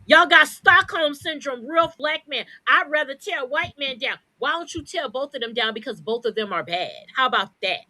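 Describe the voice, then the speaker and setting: Fired-up woman ranting, high bright voice. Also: expressive, normal speed, few pauses, no room sound. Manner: profane, blunt, fired-up ranting. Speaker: podcast co-host. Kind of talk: heated podcast rant.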